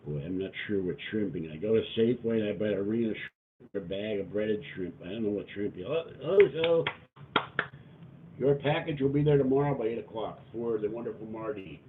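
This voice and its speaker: A man with a fairly low voice chats through a casual livestream, wandering from topic to topic in a halting way, full of fillers and restarts. The sound is thin and phone-like, with a faint hiss underneath. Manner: halting, chatty, trails off with many fillers and restarts. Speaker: livestream host reading viewer donations and comments. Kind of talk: casual rambling livestream chat. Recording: tinny phone-like audio with faint noise.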